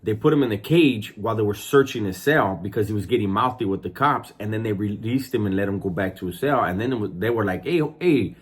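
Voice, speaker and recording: A man's voice: on the low side, fast talker, hardly any pauses, breathy edge. A man, a former prison inmate, casually telling a story with profanity and acted-out voices.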